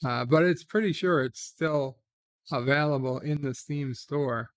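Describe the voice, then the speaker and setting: Male stream host, a bit high-voiced, unhurried, reads viewer chat and reacts with relaxed asides, lots of "uh". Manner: reads chat comments aloud and replies offhand, frequent "uh" hesitations. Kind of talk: casual late-night live stream chat.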